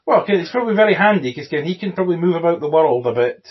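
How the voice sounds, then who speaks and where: Man, casual film chat, slightly husky voice, dull muffled recording. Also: a little high, lively intonation, quick pace. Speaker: podcast co-host.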